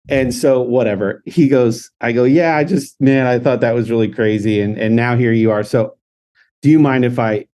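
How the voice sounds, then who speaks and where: A man's voice: medium pitch, mellow. A man co-hosting a podcast, telling an anecdote in casual chat, laughing often and acting out the dialogue. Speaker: podcast co-host.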